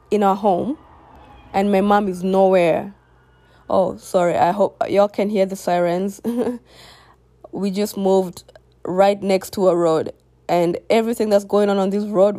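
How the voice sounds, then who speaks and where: Slow, low-toned woman. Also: mellow, no room sound. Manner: candid, reflective, unhurried. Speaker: vlogger. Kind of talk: personal storytelling. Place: home near a busy road.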